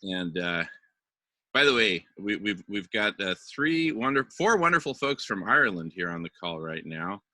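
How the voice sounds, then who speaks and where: A man's voice: fairly low pitch, very animated, moderate pace, sharp tone, no room sound, poor audio. Effusive man hosting a call. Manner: friendly, effusive greetings. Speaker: host. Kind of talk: casual group call.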